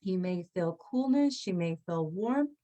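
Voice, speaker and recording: A woman's voice: lowish voice, expressive, a little slow, dark tone, muffled recording. A woman leading a guided breathwork class, speaking soothingly and encouragingly, with audible sighs and breaths between her cues. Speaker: breathwork instructor.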